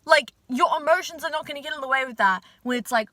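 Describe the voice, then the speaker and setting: A woman's voice: high voice, very fast, hardly any pauses, bright, forceful tone, no echo. A young woman vlogger chatting casually to her viewers, full of fillers, casual swearing and hype. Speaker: manifestation vlogger.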